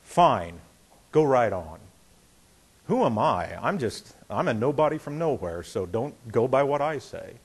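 A man's voice: medium pitch, a little slow, slightly rough. A middle-aged male pastor preaching a sermon in a conversational way, telling a story and acting out the voices in it. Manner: conversational, animated, acts out quotes.

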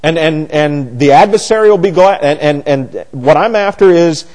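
A man preaching a sermon, animated and sarcastic, often restarting his sentences. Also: fairly high pitch, normal speed.

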